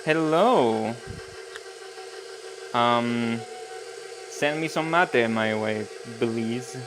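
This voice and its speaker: A man's voice: medium pitch, drawn-out words. A man chatting casually on a cooking live stream, joking about himself and laughing often. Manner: giggly, joking, self-mocking.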